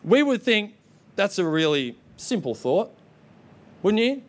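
A young adult man preaching a sermon, energetic and exhorting the congregation. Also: high voice, slow. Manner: energetic, exhorting with repeated "come on".

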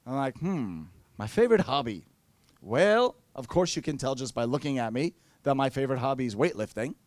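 A man's voice: medium pitch, animated, a little fast, dry recording. A man preaching a sermon, telling playful stories and acting out quotes. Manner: playful storytelling with acted-out quotes.

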